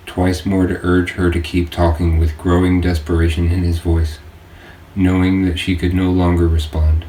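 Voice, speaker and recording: Deep-voiced man narrating an audiobook. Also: mellow. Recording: roomy distant-mic home recording with faint hiss.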